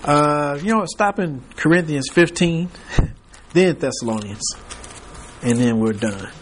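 A man's voice: a little high, a little slow, a little hiss or hum. A man teaching a Bible class, reading scripture aloud and prompting the class to fill in the words, with chuckling asides.

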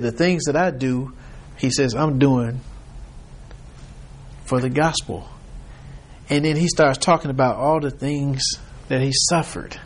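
A man leading an informal Bible study, rambling as he retells scripture in quoted voices. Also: fairly high pitch.

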